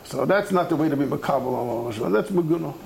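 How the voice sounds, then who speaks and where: In a low-quality recording, a man with a slightly high, gravelly voice talks fast through a Talmud lecture. As the teacher, he's animated and chatty, bringing the quoted texts to life by acting them out.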